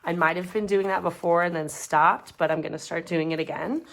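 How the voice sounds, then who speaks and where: Woman, 20s, budgeting vlogger, casual rambling chat, mutters while counting cash, lowish voice. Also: steady tone, fairly quick, vocal fry. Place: home, dog nearby.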